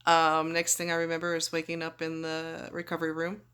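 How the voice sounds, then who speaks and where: A woman's voice: low voice, completely flat delivery, fairly quick, a bit bright, smooth. A woman vlogging after surgery, groggy and chatty, rambling through her story and acting out what people said. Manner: chatty, rambling, acts out quoted voices. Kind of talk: casual storytelling.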